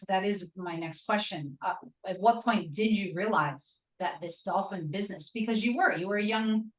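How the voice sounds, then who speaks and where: A woman hosting an interview, asking searching questions with hesitant restarts. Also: mid-range voice. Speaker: podcast host, interviewer. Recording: roomy echo.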